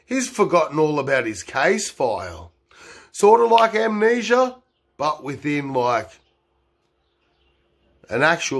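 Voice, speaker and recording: A man telling a meandering improvised story, full of fillers, swinging between loud bursts and low murmurs. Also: big pitch swings, a little slow.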